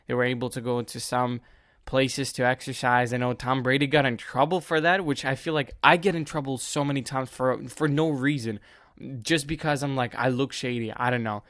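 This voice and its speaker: A man's voice: mid-range voice, steady tone, moderate pace, fairly bright tone, no echo, studio quality. A man hosting a casual solo sports podcast, rambling and chatty, often laughing at himself. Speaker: podcast host.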